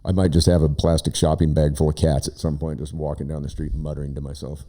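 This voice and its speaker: A man's voice: very deep voice, fast talker. A man from Oregon chatting casually in a studio, telling a long rambling story with lots of fillers and restarts. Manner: rambling, animated storyteller who shouts out quoted lines. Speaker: guest, visiting brother. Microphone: studio microphone.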